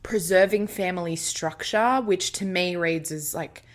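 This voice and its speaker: Australian woman, podcast co-host, low-ish, blunt and sweary. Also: measured pace. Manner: blunt, reads notes aloud with swearing asides. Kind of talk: casual chat.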